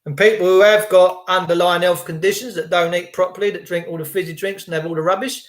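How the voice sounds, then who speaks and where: A man talking casually to his viewers, animated, acting out other people's voices and repeating his points for emphasis. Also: high voice, quick pace, reverberant. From United Kingdom. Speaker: vlogger.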